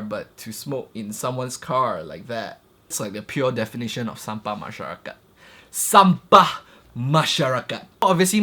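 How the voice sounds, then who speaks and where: A young man with a Malaysian English accent, ranting in a vlog and jumping between loud outbursts and low asides. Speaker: vlogger. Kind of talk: animated rant vlog.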